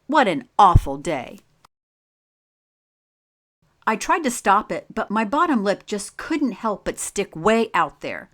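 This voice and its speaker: Slow, deliberate woman reading a story aloud. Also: medium pitch, sing-song, fairly bright tone. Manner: slow, clear and deliberate, pausing to ask children questions.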